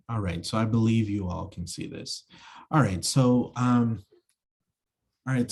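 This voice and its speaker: A man lecturing on verse and meter over a video call. His voice sits low and mellow, and he speaks slowly. He stops and restarts often, filling the gaps with ums and you-knows. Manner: halting, many fillers and restarts. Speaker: acting instructor. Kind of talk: online lecture with screen share.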